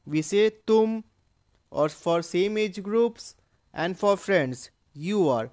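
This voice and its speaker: A man talks through a language lesson at an unhurried, deliberate pace. He is patient and explanatory, saying each phrase and then translating it. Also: high-pitched, animated, darkish tone. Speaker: German teacher.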